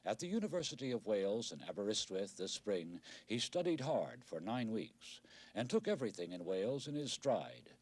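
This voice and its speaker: A middle-aged man narrating a television news report in a measured, wry documentary style. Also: on the low side, darkish tone, slight background noise.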